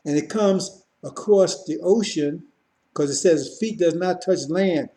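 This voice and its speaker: A man's voice: on the high side, slow, dark tone. A man preaching a sermon, repeating points and addressing listeners directly with frequent asides.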